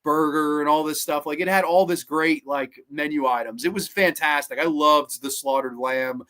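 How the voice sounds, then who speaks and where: A man's voice: fairly high pitch, fairly even intonation, normal speed, pushed and bright. A man in his thirties hosting a horror movie podcast, chatting casually on a livestream and reading viewer comments in an enthusiastic, rambling way. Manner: enthusiastic, rambling, repeats words, swears casually.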